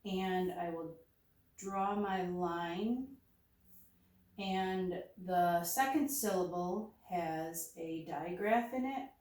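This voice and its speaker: Slow methodical woman teacher in echoey room. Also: fairly low pitch, a little mellow, far from the mic. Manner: methodical, narrates each step aloud. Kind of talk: slow step-by-step phonics demonstration.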